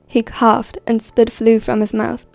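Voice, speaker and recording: A woman reads dramatic fan fiction aloud as scripted narration, keeping a steady, measured pace. Her voice sits fairly high yet sounds mellow, with a gravelly fry, on a dry recording with faint music underneath.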